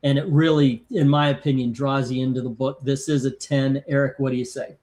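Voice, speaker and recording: A man's voice: medium pitch, little pitch movement, brisk, darkish tone. A man hosting a casual live stream, chatting and reading out viewer comments and scores. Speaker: host of a live comic-cover ranking stream.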